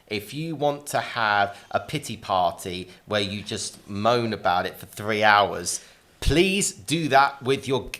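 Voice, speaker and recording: Blunt, low-voiced man. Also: fairly bright tone. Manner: blunt, irritated, lecturing. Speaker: guest on a talk show. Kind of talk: casual panel discussion.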